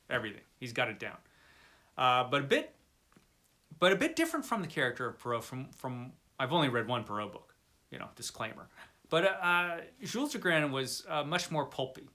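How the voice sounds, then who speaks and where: A man's voice: medium pitch, bright, forceful tone. A man talking casually about old pulp fiction, chatty and rambling, with many fillers and restarts and a wry, enthusiastic tone. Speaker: book reviewer. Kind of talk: casual video talk.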